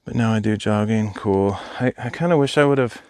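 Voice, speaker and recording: A man's voice: fairly low pitch, fairly quick, darkish tone, dry recording, studio quality. A young adult man live streaming while hiking outdoors, chatting casually and thinking aloud as he answers viewers. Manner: rambling, thinking aloud, replies to chat. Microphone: phone.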